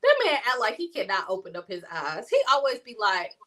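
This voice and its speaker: A woman's voice: mid-range voice, wildly swooping pitch, brisk, bright, forceful tone. A woman co-hosting a sports talk show, chatting casually and rambling, often laughing as she talks.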